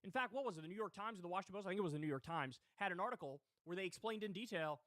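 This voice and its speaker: A man's voice: high-pitched, expressive, racing, few pauses, fairly bright tone, no room sound, clean studio sound. A man hosting a political commentary livestream, talking in a heated, indignant way with swearing. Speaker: livestream host.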